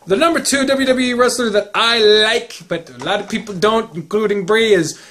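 A man hosting a casual chat, excitable and ranting with heavy swearing. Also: high-pitched, brisk. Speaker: host.

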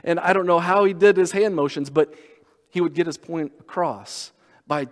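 Pastor with a higher voice in reverb. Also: male voice. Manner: reads scripture aloud and slows down to stress key words. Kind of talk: sermon. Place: church sanctuary.

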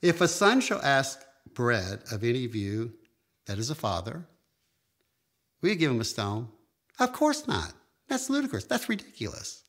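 Male pastor preaching, mid-pitched voice, emphatic with sudden high jumps and drawn-out phrases. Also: sing-song, a bit bright. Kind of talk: sermon.

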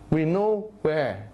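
Brief: man, Bible teacher, animated sermon delivery, voice sits a little high, grave on solemn points. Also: highs cut off. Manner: animated, acts out crowd voices in a raised voice; drops to low, grave tones for solemn points.

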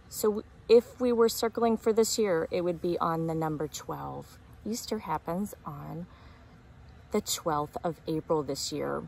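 A woman teacher reading a picture book aloud to preschoolers, gently explaining and asking them questions. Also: fairly low pitch, gravelly. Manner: asks young listeners questions, explains gently.

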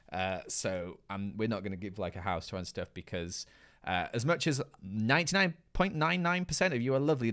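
Brief: British male streamer, playful chatty banter, reads comments, a bit low-pitched. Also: fairly bright tone. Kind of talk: live gaming stream, reading chat aloud.

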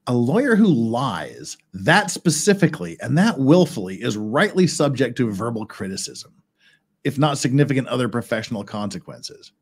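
Lively, sarcastic male legal commentator. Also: medium pitch, normal speed, breathy edge. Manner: wry, reads legal text aloud then riffs sarcastically. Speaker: podcast co-host reading court filings.

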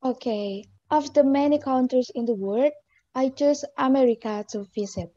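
A woman's voice: high voice, normal speed, warm tone, no room sound. A woman learning English reads out a prepared answer in an earnest, dreamy way. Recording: dull lo-fi recording.

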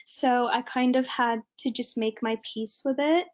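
A woman's voice: fairly high pitch, steady tone, measured pace. A young woman from California with an American accent, giving a chatty, informal online presentation as a student.

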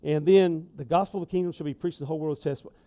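A man preaching a sermon in a church, folksy and conversational, with emphatic asides and swings in loudness. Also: fairly high pitch, steady tone, rapid-fire. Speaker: lay preacher. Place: church sanctuary.

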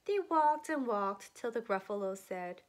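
A woman teacher reads a picture book aloud to a child, slow and expressive. Her voice sits slightly high, and she stops to ask simple questions. The reading is unhurried.

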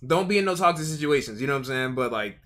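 A man's voice: mid-range voice, expressive, fast talker, a bit bright. A man streaming a casual reaction to a video, slangy and rambling, repeating himself often.

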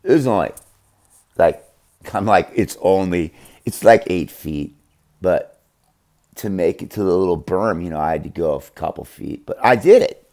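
A man telling a rambling, profane story in a casual, animated way. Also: low voice, normal speed, pauses often. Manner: profane, rambling, animated, acts out others' voices.

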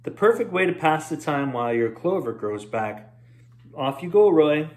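A man voicing a sly, fast-talking male gopher schemer in a storybook reading. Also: a little high, very animated, a little mellow. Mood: nervous. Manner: chatty, wheedling, quick.

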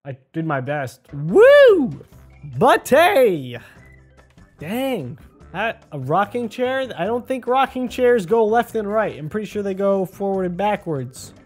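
A man doing casual gameplay commentary, chatty and excitable, often talking to the character on screen. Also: sits high, slow, faint music behind. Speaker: gaming video host. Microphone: desk microphone.

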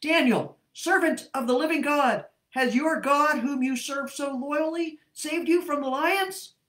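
A woman reading aloud as an ancient king, calling out loudly and making grand proclamations, recorded in an echoey room. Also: mid-range voice, very animated, unhurried. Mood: anxious. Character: anxious ancient king, later solemn and regal.

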